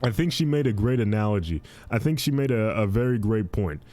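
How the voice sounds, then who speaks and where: A man's voice: lowish voice, a little fast, soft background music. A young man hosting a casual podcast, commenting on advice posts, repeating himself a lot and often saying "dude". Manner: repetitive, animated, says "dude" and "fiendish".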